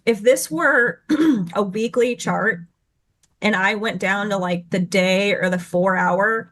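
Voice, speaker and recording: A woman guest teaching chart patterns over a video call. She speaks at a middling pitch and hurries through long explanations, correcting herself as she goes. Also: a bit bright. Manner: rushed, tumbling explanations with self-corrections. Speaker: guest trading educator.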